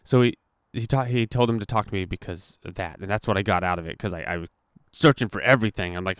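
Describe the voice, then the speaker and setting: A man's voice: lowish voice, quick pace, smooth, no room sound, clean studio sound. A young man hosting a podcast, casually telling a story with lots of swearing and acted-out quotes. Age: young adult. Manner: profane, animated retelling with acted-out quotes. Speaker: podcast host.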